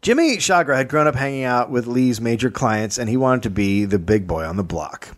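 A man's voice: medium pitch, animated, fairly quick. Dry-voiced man telling a story. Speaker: comedy podcast co-host telling the story. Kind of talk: comic history storytelling.

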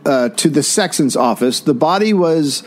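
A man's voice: on the high side, expressive, moderate pace. A man hosting a comedy podcast, reading an old newspaper aloud drily with asides. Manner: dry reading, stumbles on hard words.

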